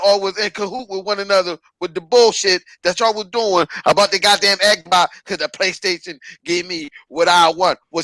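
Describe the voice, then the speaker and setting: "Stop it," the podcast host keeps saying during his profane, preachy rant. His voice is high-pitched and sharp, the audio poor and completely free of room sound.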